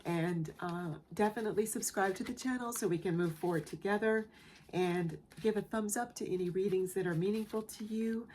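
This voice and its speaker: A woman giving a collective tarot reading in a soft, emotional way, often repeating phrases and checking in with the listener. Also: medium pitch, normal speed, a little hiss or hum. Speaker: tarot reader. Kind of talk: gentle spoken tarot reading.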